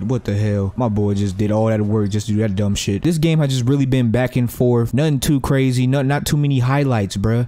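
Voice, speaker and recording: A young man giving live, profane, trash-talking commentary over his own basketball video game play, breaking into sudden excited yelps. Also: medium pitch. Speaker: gaming YouTuber.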